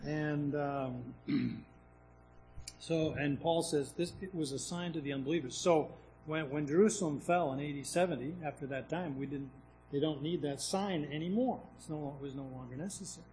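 A man's voice: fairly high pitch, moderate pace, a little mellow, slight background noise, low-quality recording. Preacher man teaching from the Bible. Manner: conversational Bible teaching with rhetorical questions and restarts. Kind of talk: sermon.

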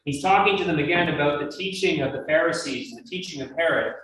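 A man's voice: on the high side, quick pace, fairly bright tone. Earnest man teaching in a very echoey room. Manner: earnest, emphatic, rhetorical questions to listeners. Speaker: Bible teacher. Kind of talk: verse-by-verse Bible teaching. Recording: very echoey room, mic at a distance, faint noise.

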